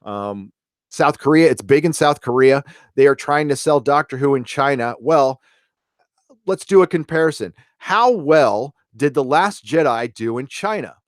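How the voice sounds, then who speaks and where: A middle-aged American man talks through his livestream in a loose, ranting way, full of swearing, fillers and restarts. His voice sits at an ordinary middle pitch. The sound is dry and close, with no room echo. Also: lively intonation, a little slow. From United States. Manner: ranting, casual, profane, many fillers and restarts. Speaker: livestream host. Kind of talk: livestream commentary and reading viewer chat.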